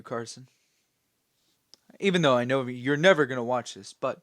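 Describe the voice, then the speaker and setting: A man's voice: mid-range voice, normal speed, a bit bright, no room sound, clean studio sound. A man hosting his own channel, giving a rambling, opinionated commentary with many fillers and a scolding tone. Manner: scolding, dismissive. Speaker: channel host.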